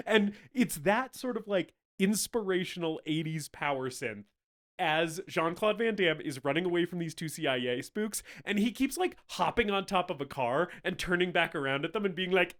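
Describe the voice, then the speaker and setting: A man co-hosting a casual movie review podcast, animated and swearing, laughing often and acting out scenes. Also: high-pitched, normal speed. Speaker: podcast co-host.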